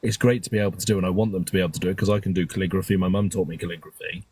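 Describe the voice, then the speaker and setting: A man, speaking in a very low, husky voice. He tells personal stories in a candid, emotional way, with casual swearing and frequent restarts. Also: fairly even intonation, racing, darkish tone, no room sound. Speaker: guest caller on a live stream.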